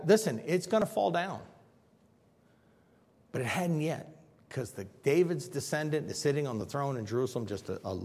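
A man's voice: a little high, in a large hall. A man preaching a sermon on scripture, acting out the people he quotes with big swings in voice. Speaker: pastor.

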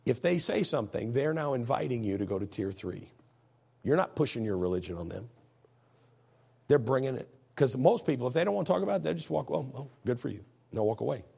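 Male pastor, gravelly and husky, folksy emphatic sermon delivery. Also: medium pitch, big pitch swings, a little fast, warm tone. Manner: folksy, emphatic preaching, reads scripture aloud.

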